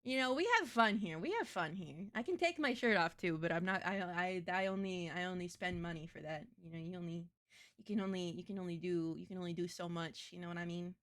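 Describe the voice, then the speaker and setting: A woman's voice: lowish voice, brisk, fairly bright tone. A young adult woman streaming as a VTuber, chatting casually in a crude, blunt, self-mocking way. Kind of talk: casual live-stream chat.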